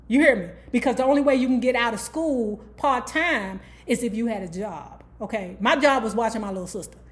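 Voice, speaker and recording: A woman's voice: a little high, a little fast. A woman from Washington, D.C. hosting a book club vlog, casually retelling a life story with candid, profane asides and frequent "okay?" check-ins.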